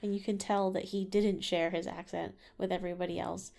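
A woman's voice: lowish voice, flat delivery, brisk, vocal fry, a little mellow. A woman co-hosting a casual movie review podcast, chatty and laughing easily, with lots of "like". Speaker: podcast co-host.

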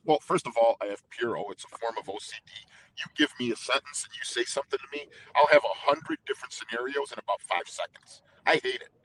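A middle-aged man with a bright, forceful voice, telling stories as a podcast guest. He talks with intense, emphatic energy, and his thoughts pour out quickly as he goes. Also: mid-range voice, poor audio. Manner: intense, emphatic, fast-flowing. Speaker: anthem singer, guest. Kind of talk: casual interview storytelling.

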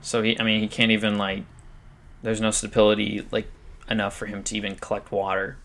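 A man's voice: lowish voice, monotone, brisk, fairly bright tone. A man co-hosting a podcast, telling a survival story in a loose, chatty way, swearing freely and laughing often. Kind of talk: casual storytelling chat.

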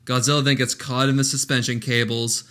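A man riffing on a movie with friends, cursing freely and ranting as he recaps the plot. His voice sits at an ordinary middle pitch. The talk is loose and casual. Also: flat delivery, brisk, sharp tone. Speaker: podcast co-host reviewing a movie. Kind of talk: casual movie-riff chat.

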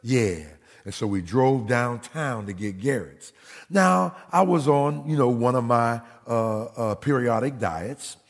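A man preaching as a pastor, telling stories from his own family, who grows animated and nearly shouts at times. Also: mid-range voice, slow, big-room sound. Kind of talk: sermon storytelling.

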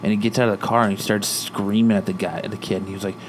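A man from Arizona, USA, with a lowish voice talks rapid-fire with few pauses over slight background noise. In a casual chat, he tells road-rage stories, acting out the quotes and swearing plenty as an animated storyteller.

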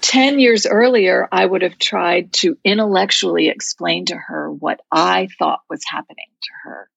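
Woman guest with a real gravelly husky voice, heartfelt and reflective, talking faith stuff. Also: lowish voice, moderate pace, fairly bright tone, no room sound, lo-fi sound. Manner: heartfelt, reflective, speaks of prayer and scripture. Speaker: guest telling a faith story. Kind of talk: earnest personal storytelling.

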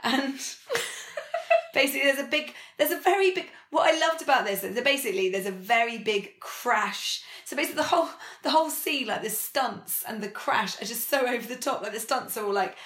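A woman's voice: fairly high pitch, animated, a little fast, fairly bright tone, roomy sound. Laughing woman retelling scenes. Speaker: podcast co-host. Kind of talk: casual chat.

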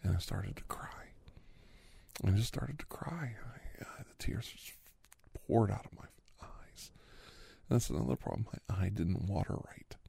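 A man with a deep, dark, husky voice carries this whispered role-play, his words loose and rambling as he drifts between a soft murmur and a breathy whisper. The close mic keeps the sound dry and intimate. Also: measured pace, dry recording. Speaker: ASMR podcast host. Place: quiet room near railway tracks.

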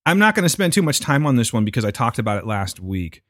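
A man's voice: medium pitch, very animated, fast talker, a bit bright, no echo, clean studio sound. A man co-hosting a podcast in casual, joking chat. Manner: laid-back, joking, rambling. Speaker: podcast co-host.

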